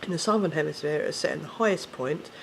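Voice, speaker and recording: A man's voice: on the high side, quick pace, creaky, fairly bright tone, slight background noise. A man with an English accent, ranting casually to camera, swearing often and correcting himself as he rambles. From England. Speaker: vlogger.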